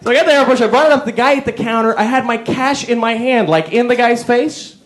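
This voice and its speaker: A man's voice: extremely high pitch, quick pace. A man doing a stand-up routine on a live comedy stage, rambling through his stories with restarts and asides. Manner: animated, rambling storyteller with restarts.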